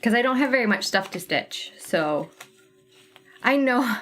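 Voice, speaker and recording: Soft music sits beneath a fairly high, somewhat bright voice that's animated yet unhurried. The woman hosts a cross-stitch stream, sorting thread colors while chatting and thinking aloud with viewers.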